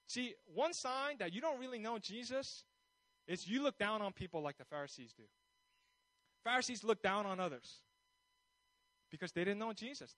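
A man preaching as a pastor, telling scripture stories with animated, repetitive delivery. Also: sits high, no room sound, low-quality recording. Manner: animated storytelling, repeats words, acts out voices. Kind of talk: sermon.

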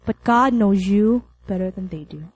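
A woman's voice: medium pitch, normal speed, poor audio. A young adult woman preaching a sermon to college students, telling a story with laughs and acted-out lines.

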